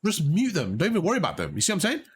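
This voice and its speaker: Male game coach, husky voice, lively up-and-down pitch, fairly high, encouraging, repeats key points. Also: very fast. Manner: encouraging, repetitive, explains step by step. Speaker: gaming coach. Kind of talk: live coaching over gameplay.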